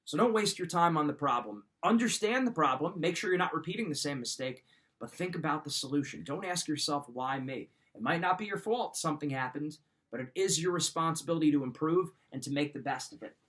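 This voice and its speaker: A man's voice: fairly high pitch, animated, fast talker, fairly bright tone. A middle-aged man coaching listeners in an emphatic, direct motivational talk. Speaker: wrestling mindset coach.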